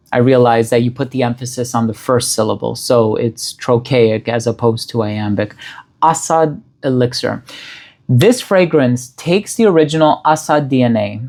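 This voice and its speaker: Man, fragrance reviewer, casual product review, descriptive, lists scent notes, mid pitch. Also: a little mellow. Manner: descriptive, listing scent notes in a measured, appreciative way.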